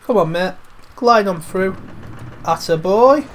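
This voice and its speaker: A man's voice: sits high, lively intonation, slow, a little hiss or hum. A young man giving casual, chatty commentary while playing a video game. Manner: chatty, swears freely, calls things 'mate'. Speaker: gaming commentator. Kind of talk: casual let's-play commentary.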